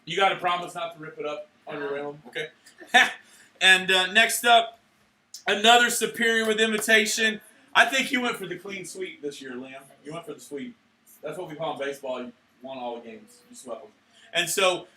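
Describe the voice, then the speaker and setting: A young man emceeing a church awards night, handing out certificates in an energetic, playful way, cheering and joking with the crowd. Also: high-pitched, normal speed, a little hiss or hum. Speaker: youth pastor handing out awards. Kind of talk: live church event emcee. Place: church hall at a live event.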